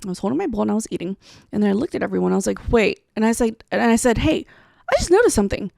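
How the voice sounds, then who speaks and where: A woman co-hosting a podcast, telling a story in casual chat, animated and swearing as she acts out quotes. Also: mid-range voice, rapid-fire, creaky, dry recording, clean studio sound. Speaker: podcast co-host.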